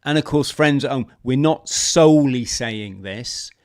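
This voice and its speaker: A man's voice: medium pitch, unhurried, a little mellow. A man hosting a podcast, chatting casually with frequent restarts and addressing listeners as friends. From United Kingdom. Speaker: podcast host.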